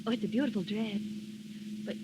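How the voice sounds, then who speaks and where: A woman's voice: medium pitch, fairly quick, noisy background, close to an everyday voice. A woman playing a shy young shop girl. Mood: bashful. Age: young adult. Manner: soft, hesitant. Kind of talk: 1930s radio drama acting. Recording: old radio broadcast with clear music.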